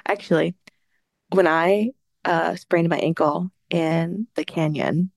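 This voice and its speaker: A frank, wry woman co-hosting a podcast, talking in a slightly low voice. The recording is dry and close, with no room echo, and she drops casual swears into her stories. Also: slow pace, creaky. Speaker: podcast co-host. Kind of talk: casual chat.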